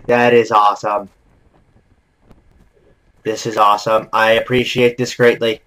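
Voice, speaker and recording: A young man calmly commenting on his own gameplay, talking to himself with many "okay"s. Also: fairly low pitch, slow pace, pauses often, low-quality recording. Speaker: gaming video host. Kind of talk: let's play commentary.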